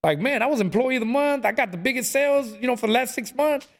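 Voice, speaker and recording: A man's voice: very high-pitched, fast talker. A man telling stories in a casual chat, acting out what people said. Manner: animated storyteller, acts out quotes, says "bro" a lot.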